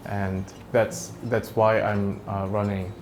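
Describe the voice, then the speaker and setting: A man from New Zealand answering interview questions in a relaxed way, often repeating words as he looks for how to say things. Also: on the low side, takes it slowly, background noise. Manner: hesitant, repeats words while searching for phrasing. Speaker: interview guest.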